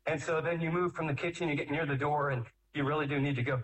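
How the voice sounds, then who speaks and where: Man with a lively, acted-out delivery. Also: recorded from a distance, low-quality recording. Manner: acts out parents and kids, swings between loud scolding and slow deep calm. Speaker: speaker on parenting. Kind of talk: animated talk with acted-out voices.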